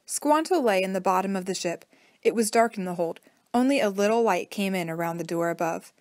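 A woman reading a children's storybook aloud as narrator, in a steady, plain manner. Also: mid-range voice, fairly quick, no echo, clean studio sound.

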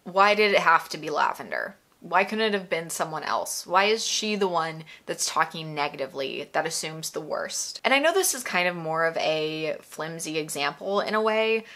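A woman talks through a video essay in casual, emphatic commentary. Her voice sits a little low but sounds bright and forceful. She keeps asking pointed, exasperated rhetorical questions, with plenty of "like" in between. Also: lively intonation, moderate pace, few pauses. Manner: casual, filler-heavy with frequent "like".

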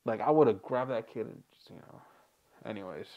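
A man's voice: on the low side, expressive, moderate pace, muffled recording. A man hosting a reaction video, chatting casually, rambling and joking with frequent laughs.

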